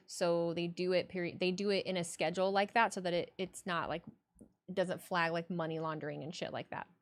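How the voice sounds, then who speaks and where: A young adult woman streaming live, reading chat and talking in a blunt, profane, animated way. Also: on the low side, brisk.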